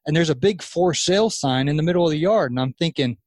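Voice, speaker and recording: A man in his thirties, a podcast guest, telling a long story in casual chat, animated and rambling with restarts. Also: fairly high pitch, quick pace, no echo, studio quality. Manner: animated, acts out quoted voices, rambling restarts. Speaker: podcast guest, lawn care business owner.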